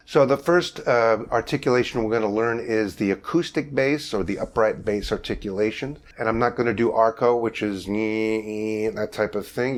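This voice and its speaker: Older male jazz teacher, lowish voice, relaxed and chatty, demonstrates vocal bass lines as he explains. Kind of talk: masterclass lesson with sung demonstrations.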